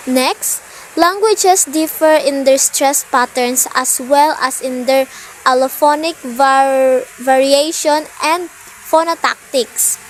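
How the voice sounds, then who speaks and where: A woman's voice: high-pitched, slight background noise, low-quality recording. A woman lecturing from her notes, reading each point and then explaining it in plainer words, with small repeated slips.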